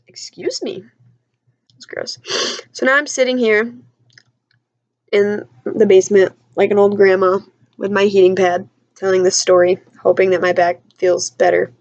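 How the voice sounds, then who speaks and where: A woman's voice: medium pitch, no room sound, dull audio. A young woman telling a story in a chatty, self-mocking vlog from her basement at home, with lots of "like.". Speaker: vlogger.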